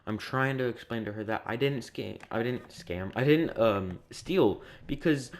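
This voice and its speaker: A man's voice: medium pitch, a little slow. A young man telling a story in a casual, rambling, repetitive way, sounding exasperated. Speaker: vlogger.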